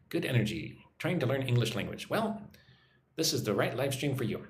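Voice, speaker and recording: Upbeat American man hosting an English lesson live; lively pitch, echoey room with a low hum. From United States. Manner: upbeat, reads viewer names aloud, models phrases to repeat. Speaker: English teacher live streaming. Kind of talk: casual live-stream lesson, reading chat comments. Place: home in a Vietnamese city.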